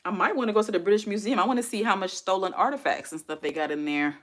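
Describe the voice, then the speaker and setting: A woman's voice: medium pitch, fast talker. A woman chatting casually on her livestream, rambling and reading viewer comments aloud. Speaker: livestream host. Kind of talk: casual live-stream chat.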